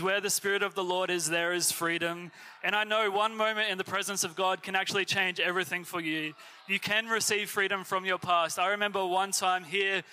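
A man's voice: high voice, pushed and bright, poor audio. A young man preaching a sermon to a church crowd in a casual, earnest way, with lots of likes and ums. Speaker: youth preacher.

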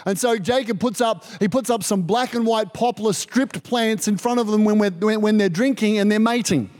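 A man preaching a sermon, lively and conversational, acting out the voices in the stories he tells. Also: sits high, normal speed. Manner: animated, acts out quoted voices. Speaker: pastor.

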